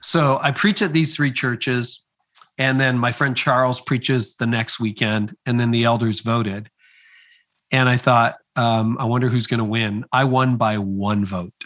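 A middle-aged man, a former pastor, telling his story in conversation, slowing down to stress the key moments. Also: medium pitch, steady tone, fairly bright tone. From Canada. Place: at his home area, speaking remotely.

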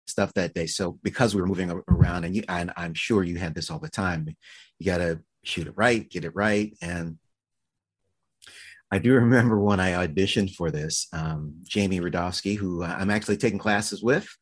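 A man with a fairly low voice chats casually as a guest, recalling stories from sets. He talks in bursts, stumbling over restarts and fillers, then lifting into animated peaks. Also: normal speed, slightly rough. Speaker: guest actor. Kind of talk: casual storytelling chat.

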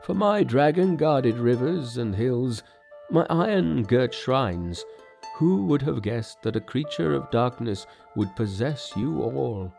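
A man's voice: medium pitch, expressive, slow, creaky, music in the background. A man voicing a grieving, dethroned male king in an audiobook. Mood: lamenting.

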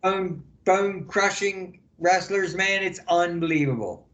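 Guy with a pretty high voice telling wild backstage stories, acts out every quote, yells and laughs. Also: takes it slowly. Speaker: interview guest. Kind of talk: animated storytelling in conversation.

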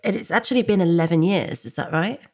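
A woman interviewing guests on a podcast, her voice sitting low. She asks considered, conversational questions at an easy pace. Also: lively intonation, fast. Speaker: podcast host.

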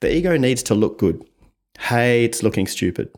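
A man's voice: medium pitch, moderate pace. A man, a visiting communication coach explaining ideas step by step in an interview. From Australia. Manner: explains step by step, often tags with "right?", animated when acting out examples.

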